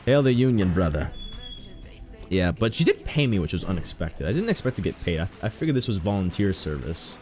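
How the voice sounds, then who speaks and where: Animated, joking male streamer. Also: sits low, quick pace, few pauses, soft background music. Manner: joking, rambling, animated storytelling. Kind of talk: casual live-stream chat while gaming.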